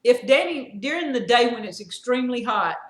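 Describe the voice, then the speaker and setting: A woman's voice: on the high side, lively intonation, a little fast, echoey room. A woman hosting a live homestead stream, chatty and laughing often. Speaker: homestead channel host.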